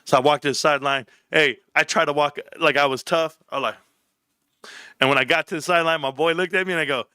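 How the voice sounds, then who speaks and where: A man's voice: fast talker, smooth, no room sound, studio quality. A middle-aged man hosting a casual livestream, telling stories and acting out quotes with laughs and lots of "bro". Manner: animated storyteller, acts out quotes with big pitch jumps; laughs often, says bro a lot. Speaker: livestream host.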